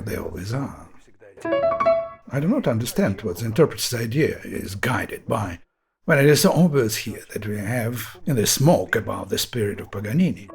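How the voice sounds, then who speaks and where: A man in his sixties, a pianist, explaining a piece of music in an emphatic, impassioned way with long pauses. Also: on the low side, creaky. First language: Russian. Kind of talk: musical analysis talk.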